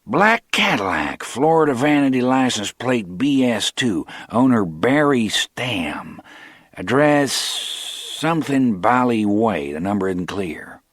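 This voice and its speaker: A man voicing a high-strung, excitable male crime boss with shrill, rising outbursts, in an audiobook. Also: slow, no room sound, clean studio sound, exaggerated voice. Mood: keyed up.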